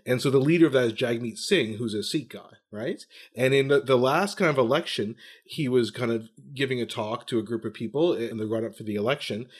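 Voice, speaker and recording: A man's voice: medium pitch, a little fast, few pauses, husky. A man hosting a podcast, explaining things in a thoughtful, conversational way. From Canada. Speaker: podcast host and physician.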